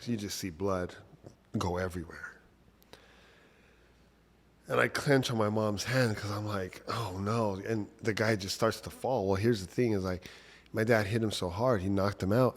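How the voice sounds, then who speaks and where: A man casually telling a personal story from childhood, talking conversationally with lots of "like" and "right?". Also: lowish voice.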